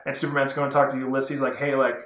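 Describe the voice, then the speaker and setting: A man's voice: medium pitch, completely flat delivery, racing, fairly bright tone. A man rambling through a casual vlog review of comic books, chatty and often correcting himself. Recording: roomy echo.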